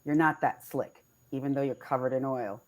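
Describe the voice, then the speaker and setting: A woman's voice: a bass voice, steady tone, moderate pace, darkish tone. A woman playing a tabletop game in character, talking brash and confrontational and swearing freely. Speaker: player.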